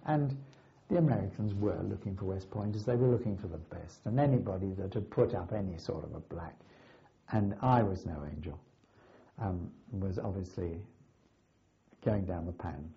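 An older man earnestly recounting his wartime flight training, with dramatic pauses. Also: low voice, gravelly. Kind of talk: oral history recollection. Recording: slightly dull lo-fi recording.

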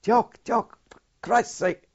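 An older man voicing a wounded young Scottish soldier with a Scottish accent, who pleads in a high, strained voice. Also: slow, darkish tone, slightly rough, highs cut off, full character voice. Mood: desperate.

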